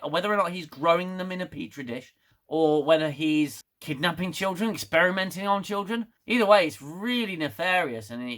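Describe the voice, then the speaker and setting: A man reviewing a TV episode in a casual, sarcastic, exasperated rant. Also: on the high side. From United Kingdom. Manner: sarcastic, exasperated, laughs loudly. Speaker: TV show reviewer.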